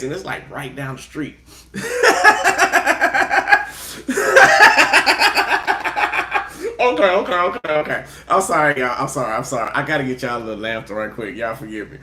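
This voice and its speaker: A man, a tarot reader chatting casually and giving shout-outs before a reading, laid-back and quick to laugh. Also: fairly high pitch, a little hiss or hum. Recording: roomy echo.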